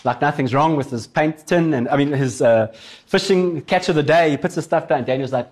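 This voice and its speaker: A man preaching a sermon as a pastor, telling a story in a casual, animated way. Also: a little high, fairly quick.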